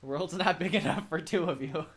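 A man's voice: fairly high pitch, a little fast, fairly bright tone. A young man giving casual gameplay commentary as a let's play host, rambling and joking, swearing and laughing often.

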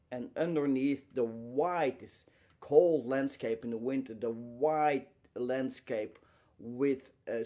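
This mellow, medium-pitched male voice delivers a motivational talk full of rhetorical questions. He speaks with emphasis, using brief phrases, pausing often, and repeating important words.

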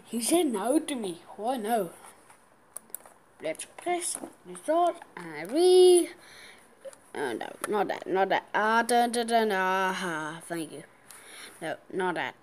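A woman giving casual gameplay commentary, excitable, gasping and squealing at the game, with playful sing-song chanting. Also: medium pitch, slow, long pauses.

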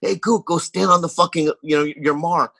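A man's voice: on the high side, fairly even intonation, moderate pace, creaky, bright, forceful tone, dry recording. A man guest on a comedy podcast, telling rambling stories in casual chat and saying "you know what I mean" often.

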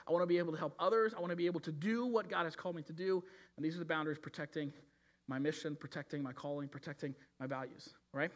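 Speaking quickly at a fairly high pitch with fairly even intonation, a pastor delivers an earnest sermon. He frequently restarts and repeats himself, voicing the quotes he cites.

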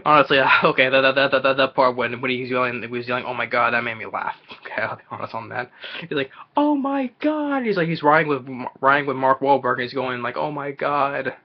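A man's voice: mid-range voice, steady tone, fast talker. A man ranting in a movie trailer reaction video. He stumbles, restarts and repeats himself in exasperation. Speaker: movie reviewer vlogger. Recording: dull lo-fi recording.

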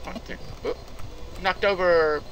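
A gaming commentator talking casually through retro games, excitable, yelping, laughing and cursing mildly at each mistake. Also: mid-range voice, measured pace. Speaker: gameplay commentator. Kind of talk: casual let's-play commentary. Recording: game music playing behind.

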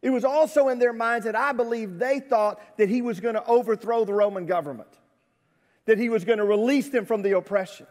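A pastor delivers a conversational sermon in a high, light voice. He talks with his congregation and asks them questions. A long reverb trails his words from a church livestream. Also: a little fast, darkish tone. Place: church sanctuary.

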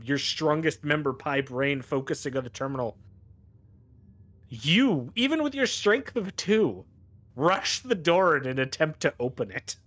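A man's voice: medium pitch, a bit bright. A man narrating as game master of a tabletop game, rambling and descriptive with many fillers.

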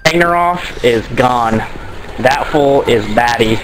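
A man's voice: mid-range voice, takes it slowly, heavy background noise. A man trolling other players over voice chat, taunting and boastful. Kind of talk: profane gaming voice chat.

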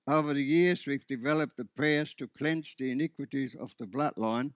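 A man's voice: mid-range voice, normal speed, dry recording, clean studio sound. A man preaching a sermon as pastor, earnest and often restarting his sentences. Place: church.

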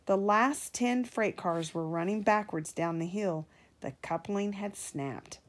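A woman doing slow, gentle storybook reading. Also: mid-range voice. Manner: slow and expressive, raising her voice for characters. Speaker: parent reading aloud. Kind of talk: storybook read-aloud with character voices.

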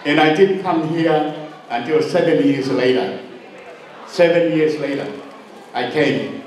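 A middle-aged man from Tonga, an uncle giving a humorous storytelling speech at a birthday party, teasing and joking with sudden high swoops in pitch. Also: slow, a little hiss or hum. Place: party hall. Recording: very echoey hall, distant mic.

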